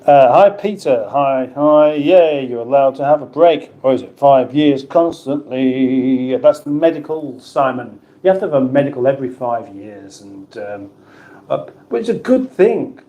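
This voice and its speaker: A man's voice: medium pitch, animated, measured pace, dull audio. A middle-aged man from the UK hosting a casual livestream, chatting and rambling through viewer comments with restarts and banter. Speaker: livestream host. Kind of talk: casual live chat reading viewer comments.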